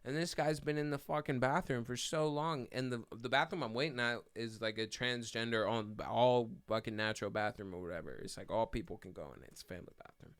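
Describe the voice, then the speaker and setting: Man, podcast co-host, casual chat, swears a lot, animated storytelling, mid pitch. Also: a little fast, hardly any pauses, clear, resonant tone.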